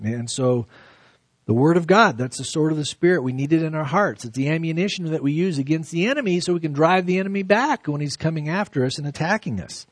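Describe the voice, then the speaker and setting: A man preaching a verse-by-verse sermon, reading scripture slowly and then explaining it with lively emphasis. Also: fairly high pitch, dry recording, studio quality. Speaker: pastor. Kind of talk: expository sermon.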